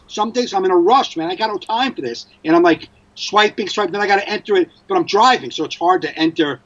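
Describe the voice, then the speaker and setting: A man with a New Jersey accent, co-hosting a podcast, ranting in an animated, sweary way. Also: high voice, fast, few pauses, dull audio. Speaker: podcast co-host. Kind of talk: casual chat.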